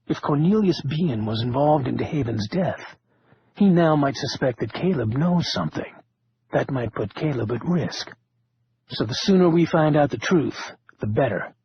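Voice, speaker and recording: A man voicing a calm, firm group leader who speaks in a measured, warning tone, on a muffled lo-fi recording. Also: mid-range voice, slightly rough. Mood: grave.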